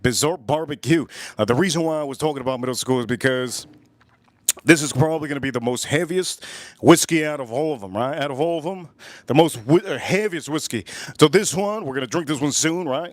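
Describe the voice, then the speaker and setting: A middle-aged man chats casually to his livestream viewers, looping back over the same phrases as he goes. His voice sits a little on the high side. The sound is dry, with no room echo. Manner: rambling, repeats phrases, addresses viewers directly. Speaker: livestream host. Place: at home.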